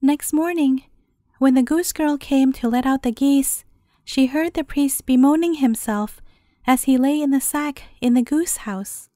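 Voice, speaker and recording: A woman with a high, mellow voice reads a fairy tale aloud as a bedtime story. Her telling is gentle and measured, and the recording is close and dry. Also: no room sound.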